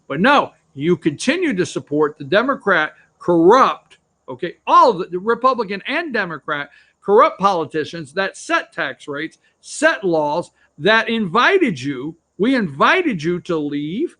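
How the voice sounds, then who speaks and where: High, bright-voiced ranting male host. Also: sing-song, measured pace. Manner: ranting, sarcastic, repeats himself. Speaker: host of a political opinion show. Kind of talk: opinionated news commentary. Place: office.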